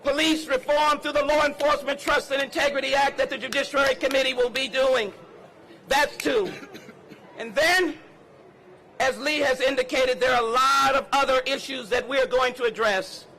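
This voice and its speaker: A lawmaker addressing a rally in an impassioned public speech, with rhythmic, building oratory and slow, counted pauses. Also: male voice, extremely high pitch, fairly even intonation, gravelly, pushed and bright, slight background noise, rough recording.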